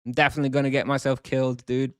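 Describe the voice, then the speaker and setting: A man's voice: medium pitch, flat delivery, very fast, fairly bright tone, clear, resonant tone, dry recording, clean studio sound. A man live-streaming a video game, thinking aloud, chatting casually and answering questions from chat.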